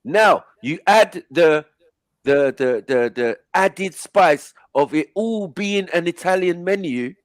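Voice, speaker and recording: A man hosts a loose panel chat, ranting in an exasperated, animated way with the odd swear. His voice sits a little high. The sound is close and dry. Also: slow pace, dry recording. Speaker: stream host.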